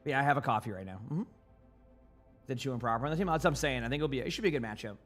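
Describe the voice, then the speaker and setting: Streaming in the morning, a man who has just woken up chats casually with viewers in his morning voice, rambling as he answers chat and stumbling and repeating words. His voice is medium-pitched, animated, rapid-fire and fairly bright, with faint music in the background.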